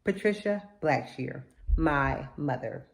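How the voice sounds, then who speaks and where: A woman hosting a podcast, chatting casually with her mother and telling animated stories. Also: low-pitched, slow, gravelly, echoey room. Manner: animated storyteller who acts out quotes. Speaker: podcast host. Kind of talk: casual family chat.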